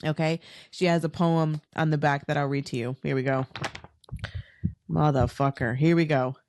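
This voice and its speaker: A woman with a low voice hosts a candid solo podcast, frank and profane yet reassuring. She talks close into her camera on a dry recording, choked up and near tears. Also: steady tone, normal speed, darkish tone, no echo. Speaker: podcast host. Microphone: talking into her camera.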